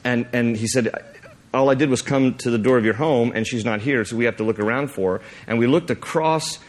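Animated man telling a sermon story. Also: fairly quick. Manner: animated storyteller, acts out the scene, voice jumps high when excited; rambling with restarts and fillers. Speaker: pastor.

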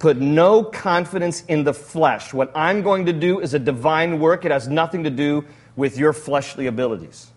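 Animated high-voiced male preacher. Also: moderate pace, hardly any pauses. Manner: animated, jokey preaching with frequent laughs. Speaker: pastor. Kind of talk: sermon.

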